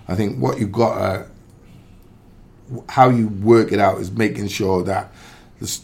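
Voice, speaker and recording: A man with a fairly low voice talks through the game as a pundit on a sports radio show. He is emphatic and animated, often cutting in to make his point. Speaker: football pundit, former striker. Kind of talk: casual sports radio chat.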